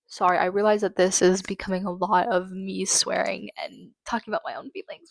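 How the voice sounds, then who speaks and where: A woman hosting her own channel, reading out trial quotes haltingly and breaking into angry, swearing commentary. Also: on the high side, animated, gravelly, no room sound. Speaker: channel host. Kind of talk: true-crime commentary.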